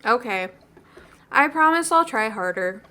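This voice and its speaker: A woman's voice: fairly high pitch, lively intonation, measured pace, pushed and bright. A woman playing a teasing teenage daughter.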